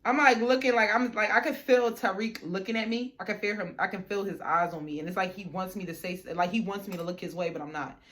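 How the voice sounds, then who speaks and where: A woman's voice: mid-range voice, fast talker, hardly any pauses, a bit bright. A young woman vlogger telling a personal story in a casual storytime, chatty and slangy with lots of "like" and "you know".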